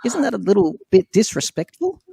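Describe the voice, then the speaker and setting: A man's voice: high-pitched, sing-song, fairly quick, creaky, mellow, slightly rough, dry recording. A man hosting a podcast, chatting casually and teasing his co-hosts in a playful way. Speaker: podcast host. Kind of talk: casual chat.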